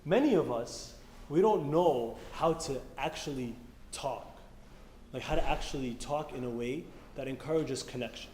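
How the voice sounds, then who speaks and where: A man with a mid-range, slightly mellow voice speaks at a moderate pace at a church youth meeting. His sermon is casual and conversational, often questioning the audience, and the echoey hall has faint room noise.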